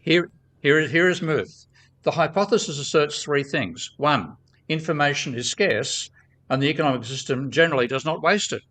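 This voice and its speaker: A man's voice: fairly high pitch, expressive, a bit bright. An older man with an Australian accent, a guest economist arguing his point bluntly. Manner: blunt, quick to object.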